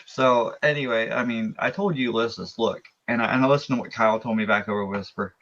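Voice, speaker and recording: A man's voice: mid-range voice, fairly even intonation, fairly quick, fairly bright tone, dull audio. A man talking as a race driver in a post-race interview, explaining his moves at length with restarts and asides.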